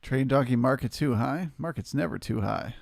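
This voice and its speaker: Gravelly-voiced man giving live market commentary. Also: medium pitch, moderate pace, no echo, studio quality. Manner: calm, explanatory, answers chat questions. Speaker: trading stream host.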